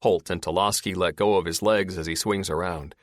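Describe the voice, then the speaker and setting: A man narrating a paranormal audiobook in expressive scripted storytelling. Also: low voice, fairly quick, no echo, clean studio sound.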